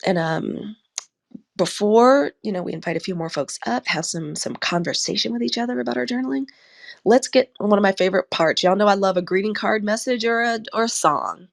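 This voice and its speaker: A woman's voice: mid-range voice, fairly quick, vocal fry. A woman hosting a live tarot journaling session, chatty and laughing often as she talks to her listeners. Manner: warm, chatty and laughing often, says y'all. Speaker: tarot reader and host.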